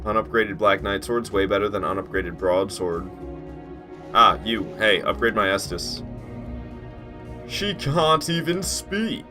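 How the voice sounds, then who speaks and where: A man whose voice sits on the low side, with lively intonation and an unhurried pace, commentates a game stream with music in the background. He addresses chat, swears freely, and sounds incredulous about his own past run.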